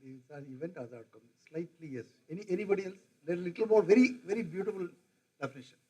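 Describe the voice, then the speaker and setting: Man, older, fairly high voice, classroom lecture, asks the audience questions. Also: slightly rough, rough recording. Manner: conversational, quizzes the audience, mimics regional accents. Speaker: professor lecturing.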